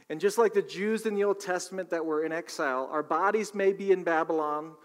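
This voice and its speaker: A male pastor preaching a sermon in a conversational style, with asides to the congregation. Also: a little high. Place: church sanctuary. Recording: long reverb of a large hall.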